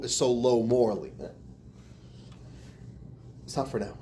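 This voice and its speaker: A man's voice: fairly high pitch, mellow. A man teaching a class as a rabbi, speaking expressively, acting out quotes and laughing often. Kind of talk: animated lecture.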